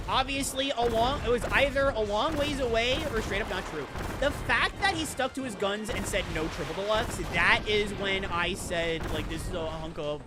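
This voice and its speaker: A woman chats her way through a game stream, rambling and poking fun at herself as she answers chat. Her voice swings widely up and down in pitch. Game music plays clearly behind her. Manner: rambling, chatty and self-mocking, reacting to chat. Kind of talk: casual live-stream chatter while playing a video game.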